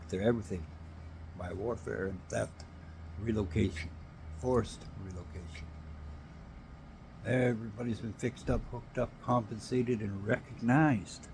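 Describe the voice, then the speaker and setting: A man's voice: lowish voice, a little mellow, a little hiss or hum. A Canadian man ranting in an angry, emphatic monologue, swearing now and then.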